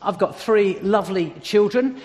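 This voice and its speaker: A man's voice: sits high, normal speed, a little mellow, big-room sound. A middle-aged man giving a conversational sermon with humorous asides. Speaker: church speaker.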